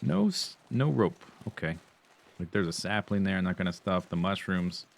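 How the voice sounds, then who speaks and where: A man's voice: low-pitched, expressive, moderate pace, creaky. A man streaming a survival game, chatting casually and playfully to himself, sometimes humming nonsense sounds. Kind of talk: casual gameplay commentary.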